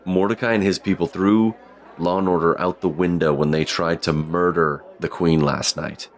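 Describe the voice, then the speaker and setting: Deep-voiced male tabletop player. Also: steady tone, moderate pace. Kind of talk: tabletop role-play.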